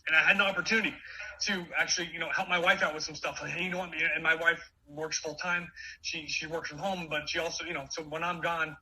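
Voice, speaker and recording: A man in his forties giving an energetic motivational talk, with many quick restarts. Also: fairly high pitch, slight background noise, poor audio. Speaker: keynote speaker.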